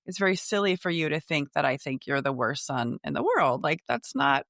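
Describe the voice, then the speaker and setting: Calm, lower-voiced podcast mom. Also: female voice, moderate pace, vocal fry, no room sound, clean studio sound. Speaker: podcast co-host. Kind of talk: casual chat.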